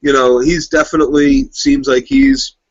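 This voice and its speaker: Second co-host, eager fan who adds asides, slightly muffled sound. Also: male voice, on the high side, big pitch swings, moderate pace, creaky, dry recording. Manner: enthusiastic, drops in book knowledge and asides. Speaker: podcast co-host. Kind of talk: casual TV episode recap chat.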